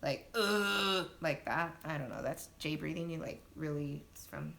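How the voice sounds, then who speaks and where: A young woman casually telling her birth story on a phone live stream, chatty and laughing often, acting out quotes in sudden loud high bursts. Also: moderate pace, creaky. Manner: laughs often, many fillers.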